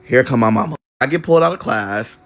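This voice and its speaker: A man's voice: mid-range voice, animated, fast talker, a bit bright. A man telling a personal story in a casual vlog, candid and conversational with frequent swearing.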